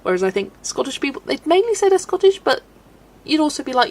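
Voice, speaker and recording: This woman from the UK has a high, slightly mellow voice and is very animated, talking at a quick pace. She hosts a casual colouring livestream, chatting in a rambling way, laughing a lot and reading comments aloud.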